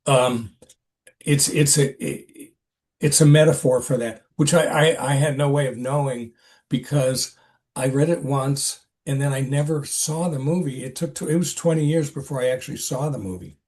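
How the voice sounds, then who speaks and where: An older man, an actor, telling a story in a casual interview with a halting, rambling manner and many restarts. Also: mid-range voice, darkish tone. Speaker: actor, podcast guest.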